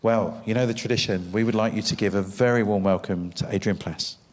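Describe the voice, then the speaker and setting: A man's voice: on the low side, fairly even intonation, fairly quick, a little mellow. Male host, friendly interviewer, easy short questions, hall reverb. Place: church venue before an audience.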